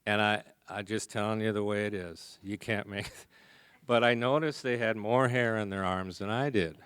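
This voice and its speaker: Male recovery speaker, low clear voice, confessional and funny. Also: moderate pace, fairly bright tone, no room sound. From American. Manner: humorous, confessional storytelling. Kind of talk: storytelling recovery talk. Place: conference hall.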